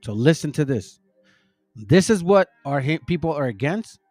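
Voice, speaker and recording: A man's voice: fairly high pitch, expressive, normal speed, darkish tone, no room sound, faint music behind. A middle-aged man hosting a casual preaching monologue, rambling and slangy, calling his listeners family and bro. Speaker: religious channel host.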